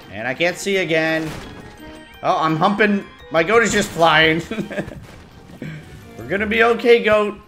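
A man's voice: high-pitched, a bit bright. A young man giving casual, goofy gameplay commentary as a YouTuber, laughing often between his remarks. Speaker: gaming YouTuber.

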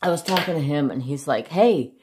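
Very deep-voiced rambling woman vlogger. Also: quick pace, noisy background. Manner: rambling, laughs a lot, swears casually. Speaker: craft vlogger. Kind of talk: casual rambling chat.

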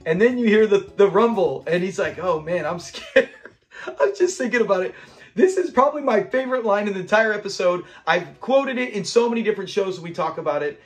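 A man's voice: high-pitched, expressive, quick pace. Upbeat man recapping a sitcom episode. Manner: enthusiastic, retells scenes and laughs along. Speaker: host of a classic TV episode breakdown channel.

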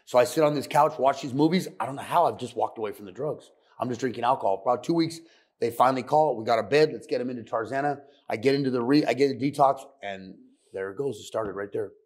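A man's voice: mid-range voice, a little mellow, breathy edge. A middle-aged man telling his addiction recovery story on a podcast, blunt and profane. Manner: blunt, profane, fast and intense. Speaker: guest sharing recovery story.

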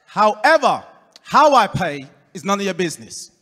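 A man with an Essex accent doing a stand-up comedy set, delivering deadpan punchlines and working the crowd. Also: sits high, normal speed. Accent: Essex English. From England. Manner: deadpan punchlines, crowd work, puts on voices for quoted people. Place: comedy club stage before a live audience. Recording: live club room with long reverb.

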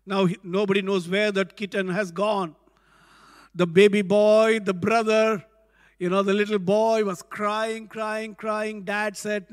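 A man preaching a sermon to an empty church, telling a story slowly with many fillers. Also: sits high, steady tone, in a large hall. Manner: slow, hesitant, many fillers. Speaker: pastor. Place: church without congregation.

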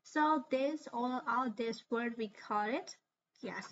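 Khmer-accented woman teacher, fairly high voice, patient step-by-step grammar explainer, muffled lo-fi recording. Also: slow pace, noisy background. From Cambodia. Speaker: English teacher.

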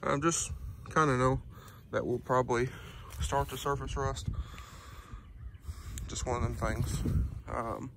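A man's voice: mid-range voice, slow pace, creaky, noisy background. A man giving a casual, rambling review of his truck hitch outdoors, with lots of ums and y'all. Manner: relaxed, rambling, many "um"s and "y'all".

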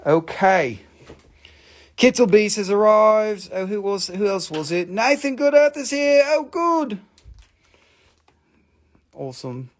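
A man's voice: high-pitched, animated, takes it slowly, pauses often. A man hosting a live stream that sells rocks, joking, swearing and talking to himself. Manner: joking, profane, talks to himself. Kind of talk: live-stream sales chat.

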